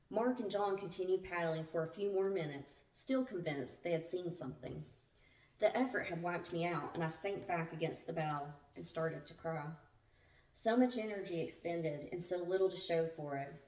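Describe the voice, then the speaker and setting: A woman's voice: lowish voice, darkish tone. A woman hosting a book club, reading a survival memoir aloud with small stumbles. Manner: plain storytelling read with small stumbles. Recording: roomy, distant from the mic.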